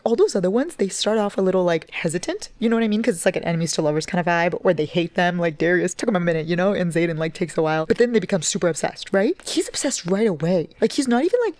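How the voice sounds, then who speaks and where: A woman's voice: on the low side, a little mellow. A young woman vlogging about a book she is reading, gushing and dramatic, swearing freely as she talks. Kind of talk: casual reading vlog.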